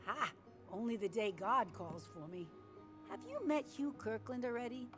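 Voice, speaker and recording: A woman's voice: a little high, animated, normal speed, music in the background, natural voice. Older small-town cafe owner for an actress: motherly, chatty, a little nosy. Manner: gossipy, sweet, calls people dear and hun.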